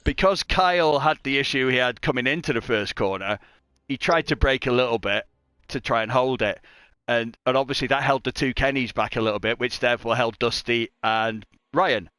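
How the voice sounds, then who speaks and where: A man's voice: medium pitch, a little fast, bright, forceful tone, clear, resonant tone, no room sound. A man doing live race commentary on a stream, chatty and joking at his own expense. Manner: chatty, joking, self-mocking.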